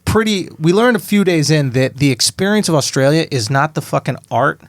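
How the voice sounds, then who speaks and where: Guy on a comedy podcast, kinda high voice, dry close mic, rambling story with cussing. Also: expressive, brisk, no echo. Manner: loose storytelling, swearing, laughing bursts. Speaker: podcast co-host. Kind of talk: casual comedy podcast chat.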